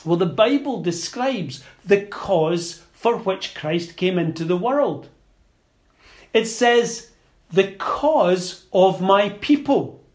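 Slow, high-voiced preacher man. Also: expressive, a little mellow. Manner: slow, deliberate and emphatic, with small stumbles and repeats. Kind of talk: sermon.

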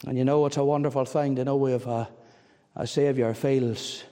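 A man's voice: mid-range voice, fairly even intonation, moderate pace, mellow. A man preaching an evangelistic sermon, pleading and fervent, repeating phrases for emphasis. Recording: long hall reverb.

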